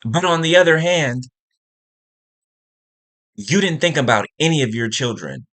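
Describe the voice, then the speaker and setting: Emphatic man preaching with a bright tone. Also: mid-range voice, animated, unhurried, long pauses. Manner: emphatic, repeats phrases, keeps asking "right?" and "okay?". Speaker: spiritual speaker. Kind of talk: impassioned spiritual monologue.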